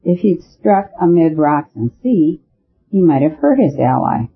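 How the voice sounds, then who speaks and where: A man voicing an eager male detective who reasons out loud in a storybook reading. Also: a little high, very animated, unhurried, breathy edge, pitched above the performer's own voice, full character voice. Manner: eager, argumentative. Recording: narrow phone-like sound.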